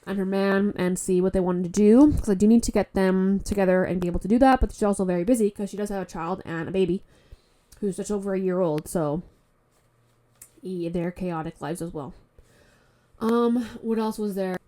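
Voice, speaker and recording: Podcast host: a worn-out woman from Canada with a blocked nose, mellow tone, blunt and profane, chatting solo into a phone. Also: medium pitch, normal speed. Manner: rambling, frank, swears often. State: stuffy nose; tired. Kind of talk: casual solo podcast chat. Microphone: phone mic.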